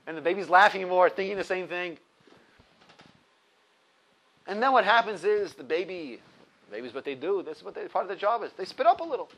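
Man, 30s, high voice, teaching Torah with lively, emphatic storytelling. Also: normal speed, pauses often, low-quality recording. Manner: laughs at his own stories. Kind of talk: explaining a religious text to a class.

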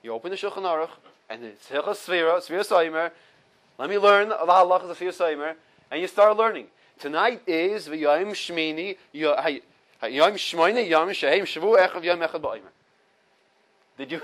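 High-voiced man teaching a halacha lesson. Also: normal speed, a bit bright, low-quality recording. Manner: explains step by step, repeats key points, mixes Hebrew quotes with English. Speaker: Torah teacher. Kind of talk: informal halacha class.

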